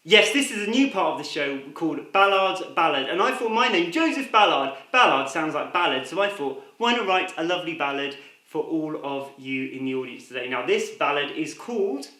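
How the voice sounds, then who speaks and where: Lively man telling jokes. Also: a little high, fairly quick, few pauses. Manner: chatty, lively storyteller. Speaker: comedy show host. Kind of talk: joke telling to camera. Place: home room. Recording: roomy echo.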